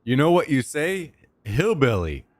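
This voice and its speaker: A young man chatting loosely on a live stream, joking and swearing casually. His voice sits at an ordinary middle pitch. The sound is dry and close, picked up by a desk microphone at home. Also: animated, moderate pace, dry recording. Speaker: livestreamer.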